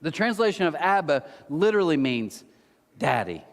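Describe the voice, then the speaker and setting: A man, a pastor, delivering a sermon with animated storytelling and self-mocking humor. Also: on the high side, moderate pace, in a large hall. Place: church auditorium.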